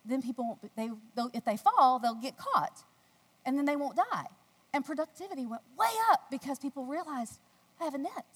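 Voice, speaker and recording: A woman from the United States, speaking at a faith gathering, gives a devotional talk built around a personal story. She tells it with animated delivery, acting out the quoted voices in a squealing high pitch, and the recording has long hall reverb.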